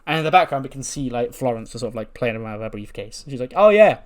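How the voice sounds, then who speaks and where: A man narrating a wrestling sim playthrough in a relaxed, chatty way, loose and full of fillers. His voice sits at an ordinary middle pitch. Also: rapid-fire. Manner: casual, chatty, lots of fillers. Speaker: gaming creator.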